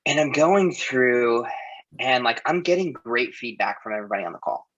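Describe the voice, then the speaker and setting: Guest, male coach, candid and emotional, bright tense voice, muffled lo-fi sound. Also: mid-range voice, animated, moderate pace. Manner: open, emotional storytelling. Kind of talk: casual chat.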